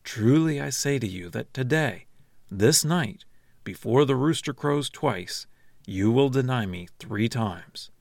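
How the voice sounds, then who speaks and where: A man reading the lines of Jesus as a calm, grave teacher in a measured, solemn scripture reading. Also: medium pitch, gravelly, no echo, clean studio sound.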